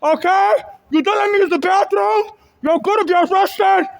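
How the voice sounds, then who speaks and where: Very high voice, agitated and repetitive, phone recording in a ferry terminal. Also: normal speed, vocal fry, no room sound. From Nigeria. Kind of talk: filming a confrontation, then a rambling monologue. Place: indoor public ferry terminal.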